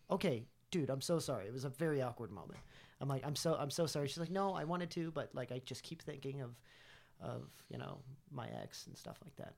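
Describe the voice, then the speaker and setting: A man's voice: medium pitch, fairly quick, gravelly. A man, a guest on a podcast, casually telling a long story with frequent restarts. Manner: rambling, with repeated restarts.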